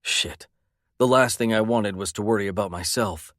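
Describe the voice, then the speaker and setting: Intense low-voiced male narrator. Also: normal speed, fairly bright tone, no room sound, studio quality. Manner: intense, brooding. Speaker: audiobook narrator. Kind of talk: first-person romance audiobook narration.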